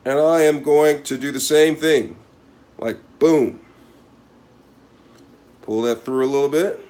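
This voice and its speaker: A man's voice: on the high side, fairly even intonation, slow pace, darkish tone. A man hosting a casual cooking demonstration, talking to viewers as he works in a mock-serious way and repeating a catchphrase. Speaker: cooking channel host.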